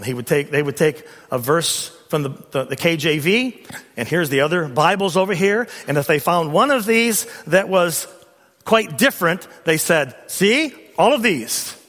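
Bright-voiced preacher man in a reverberant hall. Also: fairly high pitch. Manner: emphatic preaching, rising to loud peaks. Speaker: pastor. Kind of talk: sermon. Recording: long reverb of a large hall.

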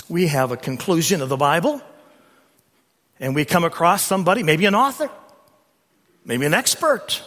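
A middle-aged man preaching a sermon as a pastor, emphatic and rising to loud peaks on key points. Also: a little high, expressive, normal speed, long pauses. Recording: long reverb of a large hall.

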